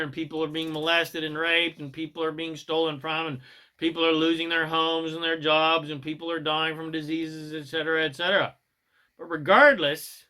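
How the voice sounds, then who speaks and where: A man delivering a self-help monologue in a bright, fairly high voice. He preaches with emphatic punches, swinging from loud bursts to soft asides. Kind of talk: motivational monologue.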